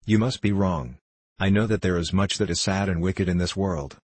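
Guy reading as a naive old bishop, pleading, husky low voice. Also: normal speed, a little mellow, dry recording. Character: earnest, distressed elderly male bishop.

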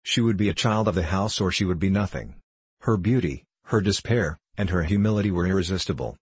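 A man narrating a novel in a measured, even storytelling manner. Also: low-pitched, husky, dry recording. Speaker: audiobook narrator. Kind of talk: scripted narration.

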